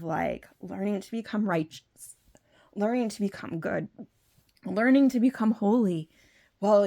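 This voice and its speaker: A woman's voice: medium pitch, gravelly, a little mellow. A woman hosting her own video, talking through her opinions in a rambling way with many fillers and restarts. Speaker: video host. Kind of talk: unscripted opinion monologue.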